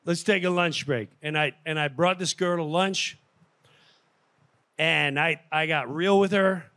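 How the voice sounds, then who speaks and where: A middle-aged man telling a personal story in an animated way, jumping into the voices of the people he quotes. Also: measured pace. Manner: animated, acts out quoted voices with big pitch jumps.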